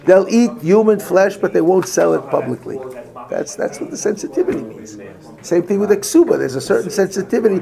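A man's voice: sits high, big pitch swings, brisk, gravelly, mellow. A man giving a Torah lecture to a group, telling stories and mixing in Hebrew and Yiddish terms. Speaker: rabbi giving a Torah class. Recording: crowd heard behind.

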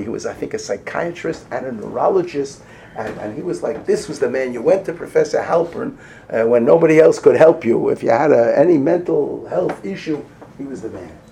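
A middle-aged man giving a sermon-style lecture, moving between hushed whispers and loud, emphatic lines. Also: mid-range voice, creaky, a little hiss or hum. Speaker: rabbi.

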